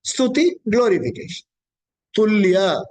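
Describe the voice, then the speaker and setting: A man's voice: high voice, very animated, unhurried, a little mellow, a little hiss or hum, low-quality recording. A man gives a scripture discourse as a spiritual teacher, explaining patiently and repeating key points.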